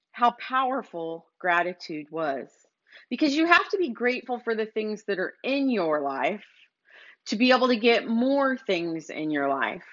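A woman's voice: on the high side, fairly bright tone. A woman hosting a motivational business podcast, urging listeners in a preachy, repetitive way. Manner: preachy, urging, repeats phrases. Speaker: podcast host. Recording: slightly dull lo-fi recording.

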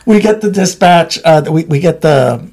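A middle-aged man, a former trooper, telling stories in a casual chat, animated and swearing, acting out what people said. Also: fairly high pitch, moderate pace. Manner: animated storyteller, swears, acts out quotes.

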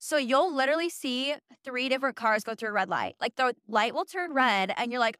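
Young woman vlogger, sarcastic chatty delivery, clear and slightly high, dry room. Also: animated, quick pace, few pauses, fairly bright tone, no echo. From Utah. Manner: chatty, sarcastic, heavy use of "like" and swearing. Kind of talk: casual chat.

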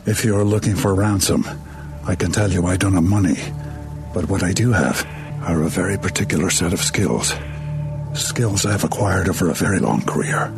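An actor playing a grim middle-aged father who threatens kidnappers in slow, cold, measured words. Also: sits low. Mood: menacing. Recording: film clip over music. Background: film score music.

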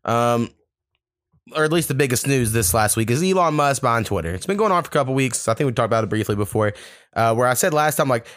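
A man hosting a podcast in a loose, rambling way, swearing freely and piling on fillers as he tells stories. His voice sits at an ordinary middle pitch. The sound is dry and close, with no room around it. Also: expressive, fast, a bit bright, no room sound. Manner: loose, profane storytelling with many fillers. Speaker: podcast host. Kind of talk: casual podcast chat.

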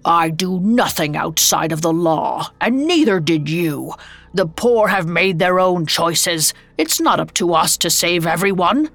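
A woman's voice: on the low side, expressive, measured pace, fairly bright tone, no room sound, faint music behind, full character voice. A woman voicing a miserly old businessman who scoffs at the supernatural and defends his business ways. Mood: defensive.

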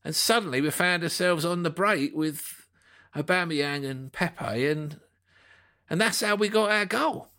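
Man, football fan, bright excitable chatter. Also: fairly high pitch, a little slow. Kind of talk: casual chat.

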